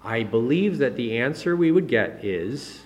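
A man giving a conversational sermon in a medium-pitched voice. He talks in a relaxed, chatty way with small self-corrections, then lifts his voice higher and louder to drive a point home. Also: a little slow. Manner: rises in pitch and volume to stress key points. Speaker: pastor.

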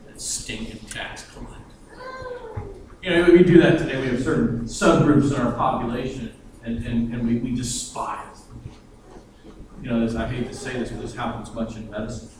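A man preaching a sermon in an animated way, acting out the voices of the people in his stories, with an easy chuckle. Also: mid-range voice, fairly quick, slight background noise. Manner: animated, acts out quoted voices, chuckles often. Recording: echoey room heard from a distance.

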